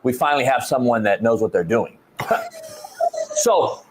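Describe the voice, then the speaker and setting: A middle-aged man hosting a sports talk show, telling a story in a casual, animated way, swearing often and stumbling over repeated words. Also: medium pitch, normal speed, background noise. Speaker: show host, football coach.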